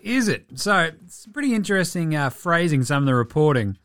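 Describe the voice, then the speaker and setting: An Australian man hosting a basketball talk show, chatting casually with profane jokes and quick asides. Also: a little high, lively intonation, fairly bright tone, smooth, no echo, studio quality, faint music behind. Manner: profane, joking, rapid asides. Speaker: basketball podcast host. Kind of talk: casual sports chat.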